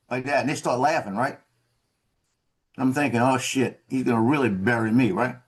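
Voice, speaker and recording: A man's voice: mid-range voice, normal speed, slightly rough. Man with a drawl telling a story. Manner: animated, acts out quoted officers. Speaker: former Marine telling a story. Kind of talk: casual storytelling on a video call. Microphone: video call.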